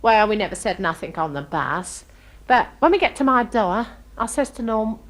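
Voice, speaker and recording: A woman's voice: mid-range voice, lively intonation, moderate pace, close to an everyday voice. An actress playing a chatty, starry-eyed young working-class girl from London, telling a comic story with gossipy, ungrammatical speech. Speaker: comic monologue performer. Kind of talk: comic character monologue.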